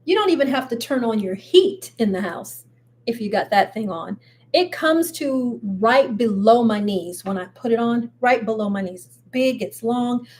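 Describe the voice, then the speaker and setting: Older female host, chatty, talks straight to viewers, a touch high-pitched. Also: lively intonation, moderate pace, darkish tone, husky. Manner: chatty, laughs often, addresses viewers directly. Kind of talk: casual live-stream chat.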